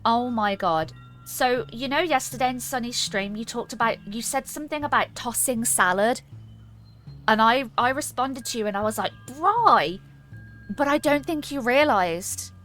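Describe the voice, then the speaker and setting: A woman's voice: a little high, lively intonation, moderate pace, fairly bright tone, soft background music. A woman streaming a game, chatting playfully with her viewers and joking around. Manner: playful, giggly, chats to viewers. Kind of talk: casual gaming stream chat.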